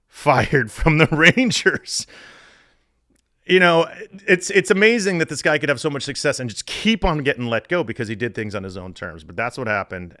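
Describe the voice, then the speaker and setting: A middle-aged man hosting a sports podcast, telling stories in a profane, animated way. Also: medium pitch, dry recording, clean studio sound. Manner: profane, animated storytelling with laughs. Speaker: podcast host.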